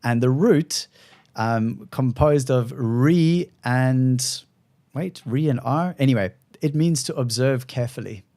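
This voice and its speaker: A man's voice: medium pitch, slow, mellow. A man hosting a podcast, chatting casually in a playful, self-deprecating way, from South Africa. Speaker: podcast host. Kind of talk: casual conversation.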